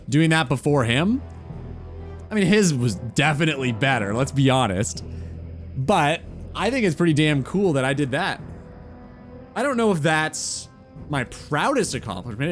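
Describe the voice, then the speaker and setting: A male streamer chats loosely while he plays, rambling from story to story and cursing without a second thought. His voice sits slightly higher than most men's. Soft game music hums in the background. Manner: relaxed, rambling, swears casually. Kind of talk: casual gaming stream chat.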